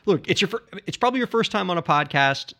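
A man's voice: high voice, animated, fast talker, pushed and bright. A man co-hosting a podcast in playful comedic banter, laughing easily as he humors his partner. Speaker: podcast co-host.

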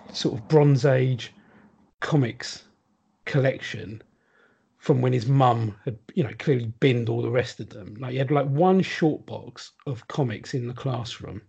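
A man's voice: mid-range voice, creaky, dark tone, husky, dull audio. A man chatting casually on a podcast, rambling with lots of ums and restarts. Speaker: podcast guest. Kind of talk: casual chat.

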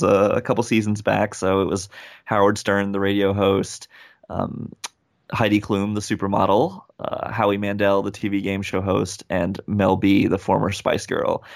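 A man's voice: fairly low pitch, creaky. A young man, a rapper, telling a story in a casual interview and acting out the people in it. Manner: animated, acts out quoted voices. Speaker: guest, rapper and speaker.

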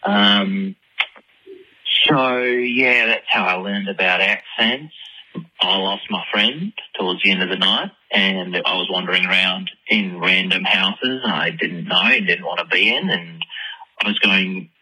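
A man's voice: sits low, unhurried, pushed and bright, breathy edge, low-quality recording. Man telling a rambling story in a put-on Australian accent. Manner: rambling, self-deprecating, swears often. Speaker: storyteller in a played voice message. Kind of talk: casual storytelling monologue.

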